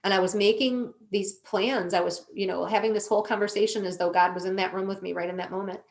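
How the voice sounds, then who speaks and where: Earnest woman telling a slow personal story. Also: medium pitch, fairly even intonation. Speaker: podcast guest.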